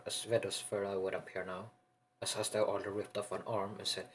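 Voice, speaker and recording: A man narrating an improvised fan story in a rambling, halting way, often restarting his sentences. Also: lowish voice, level tone, fairly bright tone, slight background noise, poor audio.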